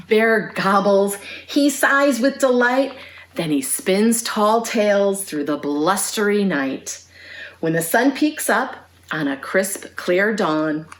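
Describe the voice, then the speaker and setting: Slow, expressive woman reading a storybook aloud. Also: mid-range voice. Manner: slow, expressive read-aloud with sing-along songs. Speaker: youth librarian.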